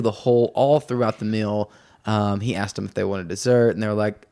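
A young man chatting at home as a podcast host, telling animated stories. He laughs often while he talks. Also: lowish voice, normal speed. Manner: animated storyteller, mimics voices, laughs often. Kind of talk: casual chat.

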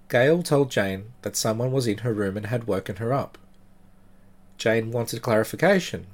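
A man hosting a podcast, narrating true creepy stories in a measured, dramatic way with slow pauses. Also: medium pitch. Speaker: podcast host.

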